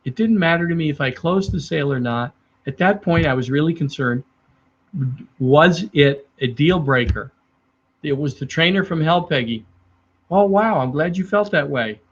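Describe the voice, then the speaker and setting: A middle-aged man who trains salespeople. He talks in a lively way to the camera and acts out his clients as he tells stories. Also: on the high side, normal speed. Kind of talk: speaking to the camera about selling. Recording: dull lo-fi sound.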